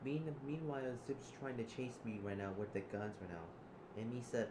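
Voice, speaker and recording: A man improvising role-play narration, halting and repeating his words as he goes. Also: medium pitch, mellow. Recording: roomy, noisy background.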